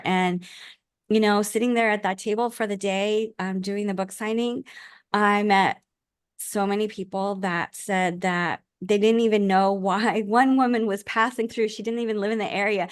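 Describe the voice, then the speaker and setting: A woman's voice: medium pitch, steady tone, normal speed, smooth, dry recording, clean studio sound. A middle-aged woman guest speaking earnestly and from the heart in a casual interview, often restarting her sentences. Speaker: podcast guest, author and life coach.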